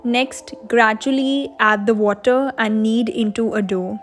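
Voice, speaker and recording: A woman's voice: on the high side, steady tone, measured pace, soft background music. A young woman, host of a cooking channel, explaining a recipe step by step in a voice-over.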